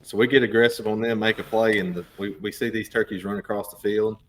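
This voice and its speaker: A man's voice: on the low side, steady tone, quick pace, slight background noise. A man who jumps in to tell a hunting story in short, clipped bursts. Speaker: podcast co-host. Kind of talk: casual storytelling chat.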